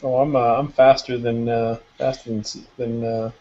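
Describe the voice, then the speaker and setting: Quick stumbling man tabletop player. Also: medium pitch, level tone, dark tone. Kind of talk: casual tabletop game chat. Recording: muffled lo-fi recording from a little off-mic.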